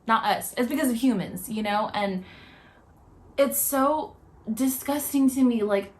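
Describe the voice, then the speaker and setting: A woman's voice: fairly high pitch, a little slow. Upset young woman rambling in a reaction vlog. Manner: upset, rambling, heavy filler words. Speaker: vlogger. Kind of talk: emotional reaction commentary.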